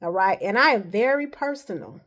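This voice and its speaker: A woman's voice: mid-range voice, expressive, a little fast, a bit bright. A woman talking to camera in a casual vlog, rambling and earnest, often tagging her points with "all right.". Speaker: vlogger.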